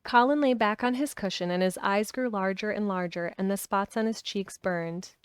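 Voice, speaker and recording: A woman reading a children's novel aloud in steady storybook narration, with a few small restarts. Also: medium pitch, normal speed, clean tone, no echo. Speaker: reader.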